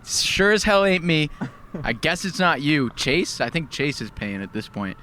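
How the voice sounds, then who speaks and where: A man co-hosting a podcast, teasing his partner with quick interjections in casual chat. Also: on the high side, big pitch swings, bright, forceful tone, a little hiss or hum. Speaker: podcast co-host.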